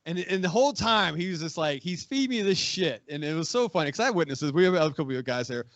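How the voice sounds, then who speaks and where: Man, forties, higher pitch, profane, animated storyteller, podcast guest, dead-dry muffled sound. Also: quick pace, dry recording. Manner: profane, animated, acts out quoted voices. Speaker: guest, magazine editor. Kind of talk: casual storytelling, war anecdote.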